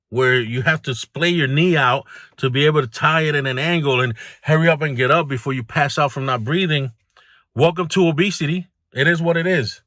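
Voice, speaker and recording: A man's voice: fairly high pitch, pushed and bright, no room sound. A man hosting a self-improvement video, talking bluntly and candidly about his own struggles and speaking straight to the viewer. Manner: blunt, plain-spoken, addresses the viewer directly. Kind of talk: candid motivational monologue.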